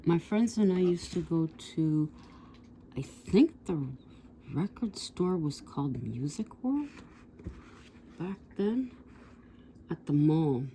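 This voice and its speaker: Woman in her 60s, vlogger, mellow low voice, rambling storyteller, faint noise behind. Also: expressive, slow pace, pauses often. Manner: rambling, digressive, with asides to viewers. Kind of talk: casual storytelling.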